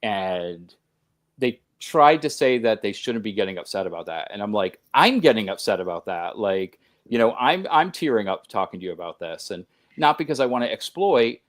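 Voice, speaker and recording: A man with a fairly low voice and big pitch swings, speaking at normal speed, is guesting on a conversational podcast while hosting his own show elsewhere. He's earnest and emphatic, with long run-on sentences and restarts.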